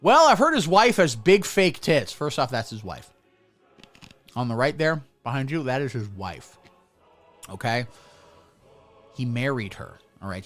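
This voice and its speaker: A crude, sarcastic man runs a satirical comedy livestream, his voice swinging between low mumbles and loud outbursts. His pitch is middling for a man. Faint background music plays under his talk. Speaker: comedy streamer.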